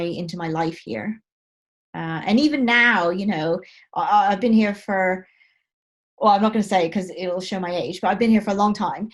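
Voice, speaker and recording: A woman from the United States, hosting a casual panel chat in a chatty, self-deprecating way with many fillers. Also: fairly low pitch.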